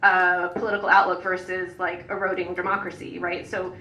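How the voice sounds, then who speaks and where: A parent organizer with a lowish, sharp voice speaks a little fast and in a flat manner during an unscripted public panel. Earnest and rambling, she uses lots of fillers and restarts, and the echoey hall is captured by a distant mic.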